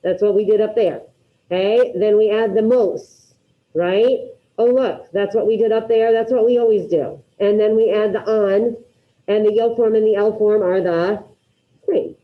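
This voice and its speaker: A woman teaching a class, drilling her students through repetition and quizzing them with quick questions in an upbeat way. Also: medium pitch, narrow, tinny audio. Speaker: Spanish teacher. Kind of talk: classroom grammar lesson.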